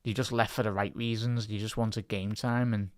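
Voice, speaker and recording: Speaking at normal speed in a flat, fairly low voice, a man gives laid-back live football commentary to his stream viewers. His play-by-play climbs and quickens on attacks. The studio recording is dry.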